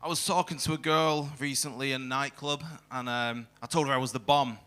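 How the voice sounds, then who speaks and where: A man's voice: medium pitch, fairly even intonation, a little fast, fairly bright tone, clear, resonant tone. A young man doing a crude, self-mocking stand-up set in a comedy club, teasing the crowd. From England.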